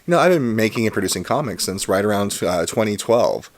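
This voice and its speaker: A man in his thirties talks through an unboxing in a relaxed, rambling way, pausing on fillers and jumping between thoughts. His voice sits fairly low and he sounds genuinely excited about what he finds. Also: dry recording. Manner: chatty, rambling, enthusiastic. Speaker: comic collector and channel host. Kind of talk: casual unboxing vlog.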